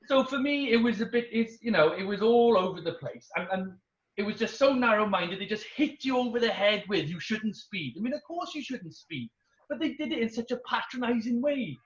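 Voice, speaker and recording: Wry British stand-up comedian, high voice. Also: male voice, fairly quick. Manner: wry, deadpan observational. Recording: roomy, dull-sounding.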